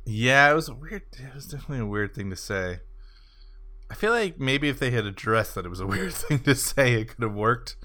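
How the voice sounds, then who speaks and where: A young adult man co-hosting a casual podcast chat, easygoing and quick to laugh. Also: medium pitch, sing-song, pushed and bright. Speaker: podcast co-host.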